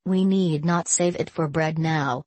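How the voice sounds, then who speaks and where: Woman reading a gentle elderly spinster in a storybook, low and slow, dry sound. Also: fairly even intonation, no room sound. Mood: joyful. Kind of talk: storybook character voice.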